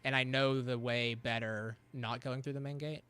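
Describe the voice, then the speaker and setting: A man's voice: mid-range voice, fairly even intonation, moderate pace, fairly bright tone, smooth. Chatty man laughing through gameplay. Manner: chatty, laughs often, talks back at the game. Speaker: gameplay streamer. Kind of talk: casual gameplay commentary.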